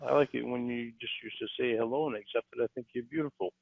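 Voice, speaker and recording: A man's voice: medium pitch, fairly even intonation, fast talker, gravelly, heavy background noise. A man heard in a recorded phone call, coaxing and flirting in a casual way. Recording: tinny dry phone line.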